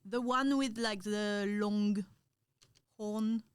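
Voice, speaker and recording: A woman's voice: medium pitch, fairly even intonation, drawn-out words, clean tone, dry recording. A young woman with a French accent, a podcast guest chatting casually with frequent ums and laughter. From France. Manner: laughs often, hesitant with many ums.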